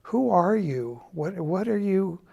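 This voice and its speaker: A man quoting his tearful mother as she pleads with her grown son, his voice raised a little higher and hushed. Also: big pitch swings, slow, creaky, highs cut off, full character voice. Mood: pleading.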